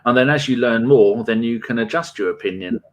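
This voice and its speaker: A man in a mid pitch co-hosts a podcast chat. He talks in a measured way and lays out reasoned points. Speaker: podcast co-host. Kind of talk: casual chat.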